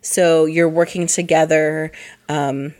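A woman co-hosting a board game podcast in casual chat, hoarse from allergies, chatty with many fillers and laughs. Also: low-pitched, little pitch movement, slow pace, a little mellow. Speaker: podcast co-host.

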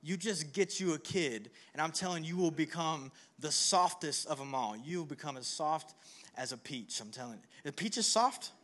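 Relaxed young male pastor, slightly higher voice. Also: moderate pace. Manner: casual storytelling with self-deprecating humor; earnest, reassuring. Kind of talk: conversational sermon.

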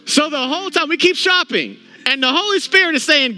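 A man's voice: extremely high pitch, fairly quick, noisy background. A male pastor telling a funny, self-mocking story in a sermon, acting out what others said. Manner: animated, self-mocking, acts out quotes. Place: church service.

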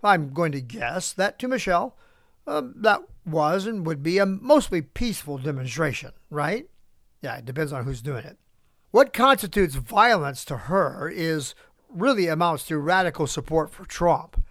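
Middle-aged man, fairly high voice, podcast host, opinion monologue, chuckling asides. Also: animated, moderate pace, a bit bright, no room sound, studio quality. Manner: reads prepared remarks with asides and chuckles.

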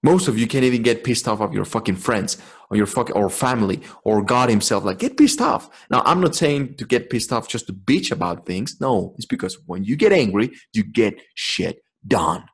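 A man with a husky, somewhat low voice hosts a podcast. He talks in a blunt, profane, preachy style, pushing his listeners hard in an intense motivational monologue. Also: animated, moderate pace. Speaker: podcast host.

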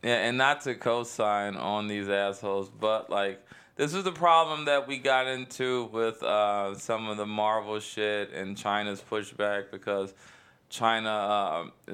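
A comedian chats as a guest on a podcast, laid-back and joking. His voice is bright and forward, with a clean, crisp tone. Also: fairly low pitch, flat delivery, unhurried. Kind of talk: casual podcast chat.

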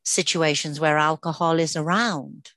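A woman's voice: low-pitched, fairly even intonation, measured pace, fairly bright tone, no room sound. A woman co-hosting a podcast, talking in an earnest, chatty way with many fillers and restarts. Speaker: podcast co-host. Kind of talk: casual podcast chat.

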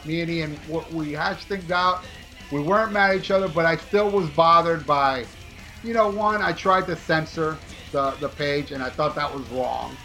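A man co-hosting a podcast, telling a story in a rambling, profane, animated way with many restarts. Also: on the high side, normal speed, soft background music. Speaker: podcast co-host.

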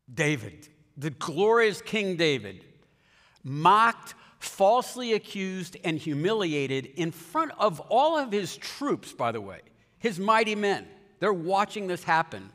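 A man preaching a sermon in a conversational, joking way, retelling scenes with animated asides. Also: fairly high pitch. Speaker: pastor. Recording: long hall reverb.

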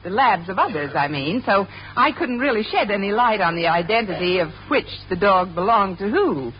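An actress playing a sarcastic, wisecracking woman schoolteacher in a 1950s radio sitcom, quick with quips and a little flustered. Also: mid-range voice, animated, a little hiss or hum, lightly acted. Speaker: English teacher. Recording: dull old radio recording with studio audience laughing.

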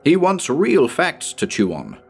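A man's voice: a little high, huge pitch swings, measured pace, gravelly, slightly rough, soft background music, pitched above the performer's own voice, exaggerated voice. Guy reading as a glum young detective, fed up, story audiobook. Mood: gloomy. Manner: gloomy, exasperated complaining. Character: gloomy young male police detective.

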